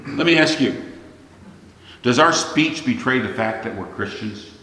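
American preacher in an echoey hall. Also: male voice, mid-range voice, animated, unhurried, pushed and bright, slight background noise. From United States. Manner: conversational preaching with rhetorical questions to the congregation. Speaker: pastor. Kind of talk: sermon. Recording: echoey long reverb of a church hall.

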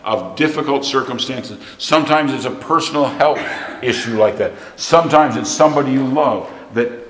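A man's voice: medium pitch, moderate pace. A middle-aged man preaching a sermon, telling a plain-spoken, folksy story. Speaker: pastor. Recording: echoey hall, long reverb.

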